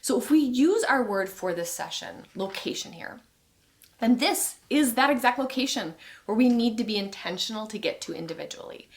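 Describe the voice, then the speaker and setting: A woman's voice: on the high side, lively intonation, moderate pace. A woman co-hosting a marriage course video, speaking conversationally to viewers and laughing easily. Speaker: co-host of a couples course.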